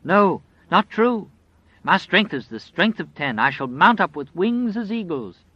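A man's voice: on the high side, steady tone, unhurried, dry recording, pitched above the performer's own voice, natural voice. A man voicing a very old, devout woman who speaks in a fervent, quavering, pleading way, in an audiobook. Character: very old devout woman, terrified yet defiant. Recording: dry, slightly dull audio.

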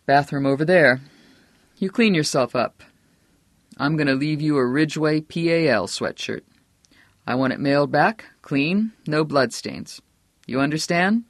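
A narrator puts on a bullying small-town boss, a grown man who threatens in a low, slow drawl that hardens into barked orders. The sound is dry and close, with no room around it. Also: expressive, no room sound. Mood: hard commanding. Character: menacing small-town male politician, bullying. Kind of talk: audiobook character voice.

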